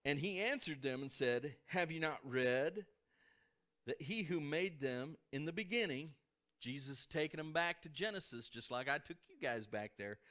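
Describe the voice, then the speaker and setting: A man with a Midwestern American accent, preaching a sermon to a congregation in a church, swinging between emphatic peaks and soft asides. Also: fairly high pitch. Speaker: pastor. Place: church sanctuary before a congregation.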